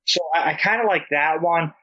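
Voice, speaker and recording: A young man telling rambling, animated stories in casual podcast chat, laughing as he goes. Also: on the high side, moderate pace. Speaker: podcast guest. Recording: dull lo-fi podcast audio.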